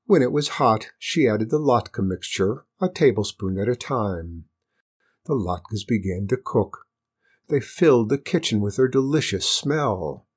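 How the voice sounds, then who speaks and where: A man reads a children's story aloud with a husky voice that rises and falls in a lively way. His delivery is expressive and clear, and he shapes every sentence for young listeners. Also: fairly low pitch, a little slow.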